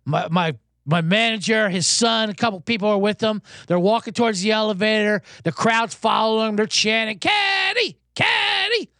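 A man hosting a sports betting podcast, telling a casino story and giving picks in a profane, animated way with shouted crowd chants. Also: sits high, brisk, no room sound, clean studio sound.

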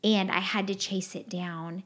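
A woman's voice: medium pitch, steady tone, a little slow, a bit bright. A woman hosting a podcast, sharing personal feelings in an earnest, rambling, heartfelt way with lots of fillers. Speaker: podcast host. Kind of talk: candid confessional podcast chat.

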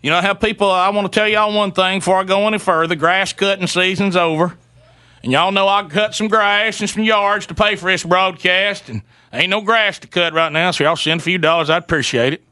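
A man, co-hosting a talk show and telling a comic story in an animated way, mimicking people as he goes. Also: a little fast, smooth, dry recording. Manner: animated, imitates people in falsetto while telling stories. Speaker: radio show co-host.

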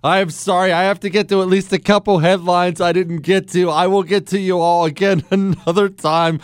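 A man's voice: sits high, little pitch movement, moderate pace, smooth, dry recording. A man hosting a call-in talk show, taking calls and reading headlines with sarcastic asides. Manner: wisecracking, laughs often, sarcastic asides. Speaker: radio talk show host.

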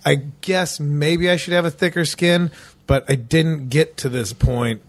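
A man's voice: on the high side, steady tone, unhurried. A male comedian co-hosting a podcast in casual chat, with a wry, ranting manner.

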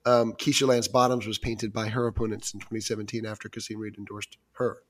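A man's voice: lowish voice, flat delivery, a little fast. A man hosting a news podcast, leading a conversational discussion with lots of fillers and restarts. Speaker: podcast host.

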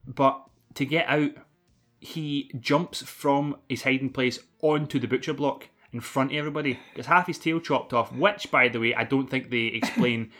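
A man's voice: mid-range voice, fairly bright tone. A man with a Scottish accent, co-hosting a podcast and recapping a film in a rambling, jokey, sweary way. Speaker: podcast co-host. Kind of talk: casual film recap chat.

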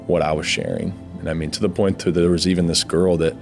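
A man telling his personal faith testimony in an earnest, emotional, halting way, often pausing on "like". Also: sits low, level tone, creaky, music in the background. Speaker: guest sharing his testimony.

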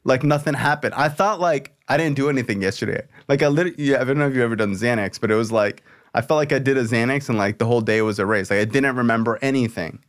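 A man's voice: mid-range voice, fast, few pauses. Man: podcast host, loose storytelling. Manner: loose, expletive-laced storytelling full of "like". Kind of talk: casual storytelling chat.

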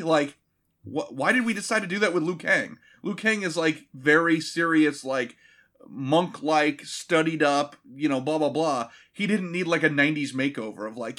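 A podcast co-host chats casually about movies, his voice a little high, fairly bright, and at normal speed. He's sarcastic and profane, mockingly acting out the characters.

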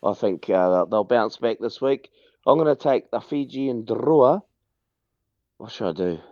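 A man, a golfer calling in to chat casually, relaxed and chatty, and he slips into other voices when he tells a story. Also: medium pitch, measured pace, dry recording. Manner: relaxed, chatty, mimics people in his stories. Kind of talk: casual chat on a phone call. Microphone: phone line. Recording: dry, dull phone-line sound.

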